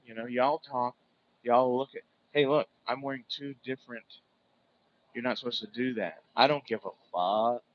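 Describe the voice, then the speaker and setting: A man's voice: mid-range voice, steady tone, moderate pace, dull audio. A man from Alaska hosting a casual livestream while whittling, telling stories in a rambling, profane way. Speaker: livestream host. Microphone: phone set far from him.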